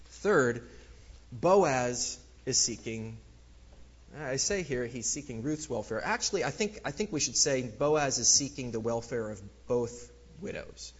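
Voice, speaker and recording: A man giving a casual, lively Bible lecture, with many fillers, acting out the quoted lines. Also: mid-range voice, measured pace, breathy edge, highs cut off. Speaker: Bible teacher. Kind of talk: lecture on scripture.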